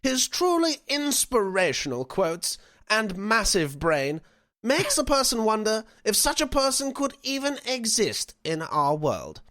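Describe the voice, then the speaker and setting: A man's voice: sits high, wildly swooping pitch, a little slow, a bit bright, no room sound, studio quality. A man co-hosting a podcast, reading a listener review in a mock-earnest way and teasing the others. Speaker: podcast co-host. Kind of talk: casual podcast chat.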